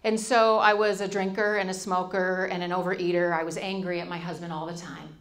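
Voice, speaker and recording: A woman's voice: fairly low pitch, fairly quick, few pauses. A middle-aged woman, giving a storytelling stage talk and acting out the voices she quotes. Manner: animated, acts out quoted voices. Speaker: speaker.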